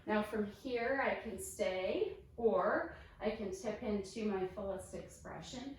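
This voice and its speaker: A woman instructor talks a yoga class through each pose, calm and encouraging, at an unhurried pace. Her voice sits off-mic in a very echoey room. A faint hum runs beneath it. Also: mid-range voice, recorded from a distance. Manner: calm, encouraging step-by-step cues. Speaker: fitness instructor.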